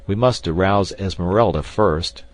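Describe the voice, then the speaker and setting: A man voicing a young gentleman who calls out urgently in an audiobook. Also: sits low, measured pace. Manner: raised, urgent calling.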